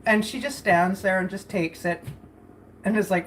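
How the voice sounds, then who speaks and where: A woman's voice: medium pitch, normal speed, a little hiss or hum. A woman chatting casually while cooking in her home kitchen for a vlog, rambling and laughing often. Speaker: vlogger.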